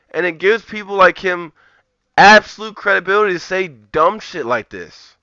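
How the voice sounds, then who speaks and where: A man's voice: sits high, lively intonation, moderate pace, sharp tone, no room sound, highs cut off. A man streaming live, ranting profanely and rambling in a heated, casual way. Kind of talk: live-stream commentary rant.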